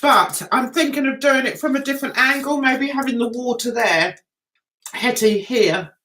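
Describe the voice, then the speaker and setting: A woman's voice: a little high, bright, forceful tone, rough recording. A woman with an English accent, chatting casually to viewers on a livestream in a rambling way while losing her voice. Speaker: livestream host.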